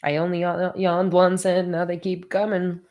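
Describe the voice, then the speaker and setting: A woman's voice: fairly low pitch, completely flat delivery, normal speed, a little mellow, dull audio. A sleepy, yawning woman hosting a casual planning livestream, chatting with viewers as she thinks aloud. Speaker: bullet journal livestream host. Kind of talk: casual livestream chat while crafting.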